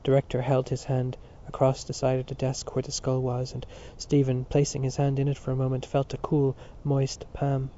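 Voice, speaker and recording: A man reading a novel aloud as narrator in a measured storytelling manner. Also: medium pitch, monotone, dark tone. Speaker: audiobook narrator. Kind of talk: scripted narration. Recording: dull lo-fi recording.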